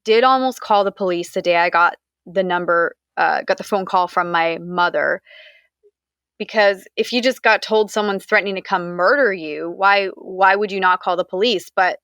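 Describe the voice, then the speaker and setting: A woman's voice: fairly low pitch, moderate pace, a bit bright, no room sound, clean studio sound. A young woman from the United States, candidly recounting a personal story in an interview, talking conversationally with frequent fillers.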